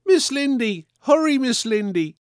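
A man voicing a frightened, tearful little girl in a storybook reading, speaking in a high, slow, pleading way. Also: clean tone, no room sound, studio quality. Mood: frantic.

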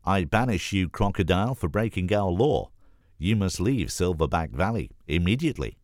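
A bashful young gorilla prince from a children's storybook, hesitant and prone to stammering. His voice sits noticeably higher than the reader's own deep tone, as a man acts him out. The recording is close and dry. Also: big pitch swings, moderate pace, darkish tone, no room sound. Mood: formal.

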